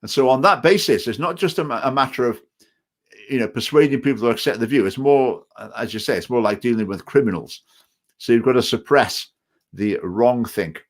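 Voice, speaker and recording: A man's voice: medium pitch, a little fast. A man with a Stoke-on-Trent English accent, chairing a party and answering viewer comments in a casual live stream, hesitant and often repeating words. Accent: Stoke-on-Trent English with some Scottish phrases. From England. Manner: hesitant, repeats words, digressive opinionated talk.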